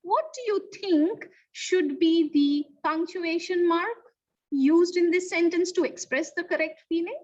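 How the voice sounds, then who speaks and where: A woman's voice: extremely high pitch, a little slow, darkish tone. A woman teaching young children a lesson, talking expressively and asking the listeners questions. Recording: distant, dull mic sound.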